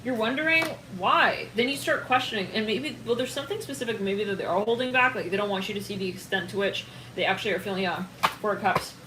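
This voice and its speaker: A woman giving a casual, excitable tarot reading to her viewers, rambling and trailing off and laughing often. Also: medium pitch, quick pace, echoey room, noisy background. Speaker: tarot reader.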